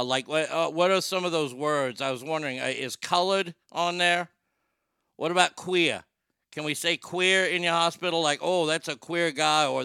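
A man's voice: on the high side, pushed and bright, clean tone, dry recording. A man voicing a hesitant, folksy working-class Boston caller with a thick Boston accent and many "uh" fillers. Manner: halting, full of uh fillers. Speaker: prank caller.

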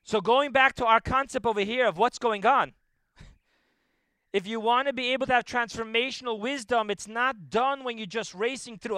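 Animated high-voiced man giving a Torah lecture. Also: normal speed, clean tone, no room sound. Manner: animated storytelling, swings from loud emphasis to hushed asides. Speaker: rabbi lecturer.

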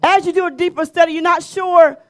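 A woman's voice: extremely high pitch, fairly even intonation, a little fast. A woman leading a Bible study, building to emphatic, repeated phrases. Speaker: Bible teacher.

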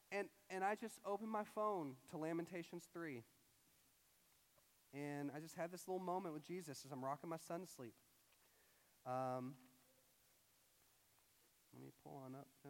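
A man's voice: on the high side, normal speed, pauses often. Man preaching in a reverberant hall. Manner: animated personal storytelling, acts out his own voice. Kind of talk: sermon storytelling.

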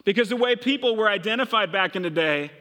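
A man's voice: high-pitched, lively intonation, quick pace, pushed and bright, long reverb tail. A middle-aged man from Minnesota preaching a sermon, retelling a story and voicing the characters' thoughts. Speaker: pastor.

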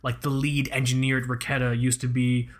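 A man's voice: mid-range voice, little pitch movement, brisk. A young adult man hosting a podcast, talking in a rambling, casual, profane way and often correcting himself. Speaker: podcast host.

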